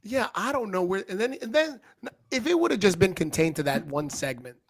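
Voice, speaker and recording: A man's voice: high-pitched, fairly quick, slight background noise. A man co-hosting a wrestling review show, swearing freely and acting out the people he talks about. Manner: profane, animated, mimics people, laughs often. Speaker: podcast co-host. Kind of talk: casual wrestling review chat.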